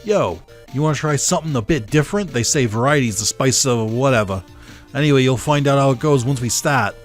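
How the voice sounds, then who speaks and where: A man's voice: medium pitch, brisk, soft background music, pitched above the performer's own voice, close to an everyday voice. A man doing Joey, a brash Boston duelist. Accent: Boston (put on). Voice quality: loud, swaggering, swearing. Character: brash young male duelist with a Boston accent.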